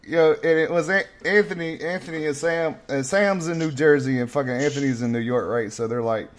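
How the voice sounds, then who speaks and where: A man with a Southern US accent from North Carolina, hosting a casual profane podcast chat, telling stories loudly and laughing often. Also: a little high, a little fast, few pauses. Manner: loud, laughing, drawling storyteller. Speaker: host.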